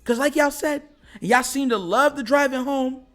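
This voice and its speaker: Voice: sits high, moderate pace, a bit bright. Casual sports rant, slangy trash talk, laughs a lot, faint music underneath. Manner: trash-talking, slangy, laughs often between lines. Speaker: sports show host.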